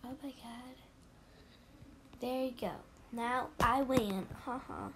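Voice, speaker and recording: Brief: female ASMR host, soft game playthrough, unhurried delivery, slightly high voice, hushed at times. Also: background noise. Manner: soft-spoken, reads game chat aloud, with slips and drifts into whispers.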